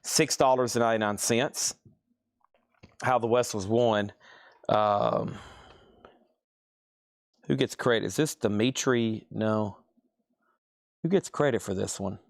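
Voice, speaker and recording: A man's voice: on the low side, slow pace, creaky, pauses often, dry recording, studio quality. A man with a Southern US accent, hosting a live record sale, drawing out his words and reading titles and prices in a chatty way. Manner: drawls out words.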